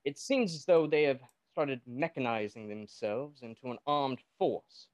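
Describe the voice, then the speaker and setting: A man's voice: medium pitch, animated, unhurried, no echo, natural voice. A man playing a formal military captain who briefs his recruits in a stiff, polite way. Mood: briefing. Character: brisk male military captain, formal and commanding.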